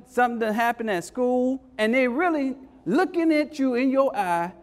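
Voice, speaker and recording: Very high-voiced man rallying parents. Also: normal speed. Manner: call-and-response, repeats phrases, keeps asking "Hello?". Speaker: education speaker leading a parent workshop. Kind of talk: energetic motivational workshop talk.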